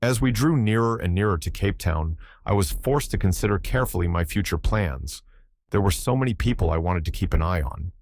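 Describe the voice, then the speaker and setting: A man reads a novel aloud in a measured, steady storytelling voice. His tone sits very low, and the sound is dry and close to the mic. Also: dry recording. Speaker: audiobook narrator. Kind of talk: first-person audiobook narration.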